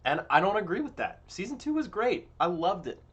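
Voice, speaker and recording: A young man streaming live, giving casual, blunt and profane commentary that swings between loud outbursts and low mutters. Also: sing-song, a little fast, husky, lo-fi sound.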